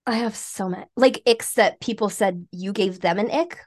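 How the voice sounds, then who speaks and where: A woman's voice: mid-range voice, normal speed. Blunt young woman on a podcast. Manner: candid, blunt, laughs often. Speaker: podcast co-host. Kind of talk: casual chat.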